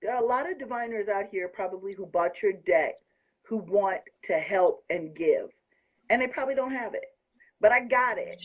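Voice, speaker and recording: A woman's voice: mid-range voice, normal speed, dull audio. A woman hosting a casual talk, effusive and often laughing as she gushes. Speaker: host. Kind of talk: excited casual chat.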